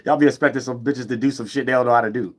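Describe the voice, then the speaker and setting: Fast-talking man ranting off the cuff. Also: mid-range voice, fairly even intonation. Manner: rambling and profane, with restarts; leans on the tag "you know what I'm saying". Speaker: vlogger. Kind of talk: unscripted ranting monologue.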